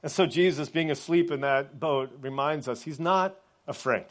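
A man preaching a sermon in a conversational way, often checking in with his listeners and dropping soft and quiet on reflective points. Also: fairly high pitch, normal speed. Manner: conversational, often adds "right?" as a tag. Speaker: pastor.

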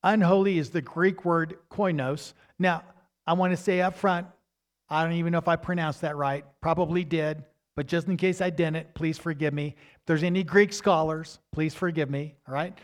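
A man preaching a teaching sermon, stressing key words emphatically and turning to his listeners with quick asides. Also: fairly high pitch. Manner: asides to the congregation, asks "right?".

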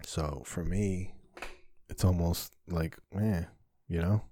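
In a slow, steady, warm and slightly rough low voice, a stand-up comic hosts a solo podcast from his small basement studio at home. He rambles openly and profanely, using many fillers, and the recording has no room sound.

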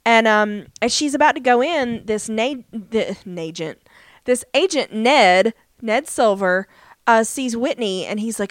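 A woman's voice: on the high side, measured pace, dry recording. A woman co-hosting a podcast, chatting casually as she recaps a TV episode with lots of fillers. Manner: chatty, many fillers, acts out quotes. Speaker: podcast co-host.

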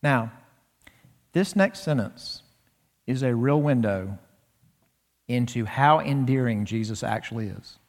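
A man preaching an expository sermon in a church, lively and slowing his delivery to stress key points. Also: medium pitch. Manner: animated expository preaching, slows down for emphasis. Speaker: pastor. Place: church sanctuary. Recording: long reverb of a church hall.

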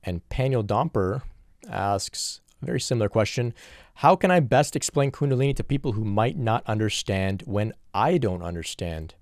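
A man's voice: fairly low pitch, expressive, normal speed, darkish tone, no echo, studio quality. A man in an earnest, reflective solo question-and-answer talk, working through spiritual questions from viewers.

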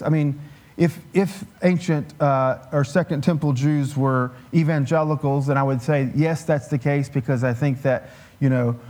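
A man preaching a conversational sermon as a guest scholar, explaining in a relaxed way and dropping in wry humorous asides. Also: mid-range voice.

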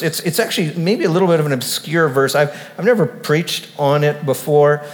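A man preaches an emphatic sermon as pastor, in a fairly high voice. He repeats himself and often restarts phrases as he builds his points. A long reverb from the church hall trails behind his voice.

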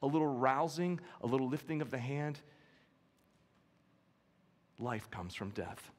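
A pastor preaching an expository sermon, with an earnest, emphatic storytelling manner and key phrases repeated for weight. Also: male voice, medium pitch, animated, unhurried. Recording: long hall reverb.

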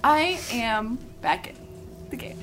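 A woman player chatting casually during a tabletop game, quick and laughing. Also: a little high, lively intonation, fairly bright tone, faint music behind.

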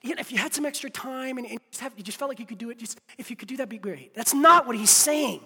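Very high, bright-voiced impassioned pastor. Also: male voice, fast talker, husky, big-room sound. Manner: impassioned, swings from hushed near-whisper to loud shouts. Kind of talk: sermon.

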